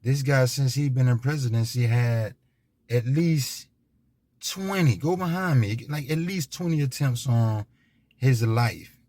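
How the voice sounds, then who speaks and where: A man from the United States, a commentator, gives an unscripted monologue in a mid-range, slightly mellow voice, captured in a dry recording. He rambles and repeats himself, with emphatic restarts and many fillers.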